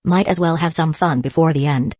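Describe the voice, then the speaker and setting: A cruel, sneering male thug, read by a woman in a storybook audiobook. The voice sits low with a dry, close sound. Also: brisk, darkish tone, no room sound.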